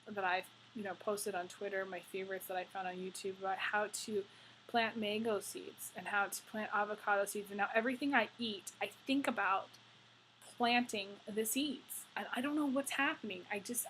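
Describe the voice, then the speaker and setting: A woman's voice: mid-range voice, a bit bright, slight background noise, low-quality recording. Effusive woman rambling through a tarot reading. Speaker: tarot reader. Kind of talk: casual tarot reading to camera.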